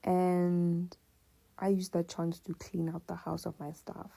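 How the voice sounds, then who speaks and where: A woman's voice: lowish voice, slow pace, creaky. A woman telling a personal story in a casual, slangy, conversational way. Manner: slangy, conversational, animated retelling.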